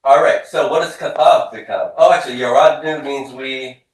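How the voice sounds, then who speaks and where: A man teaching a grammar lesson to a class, drilling students with quick questions. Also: medium pitch. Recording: echoey classroom from far off.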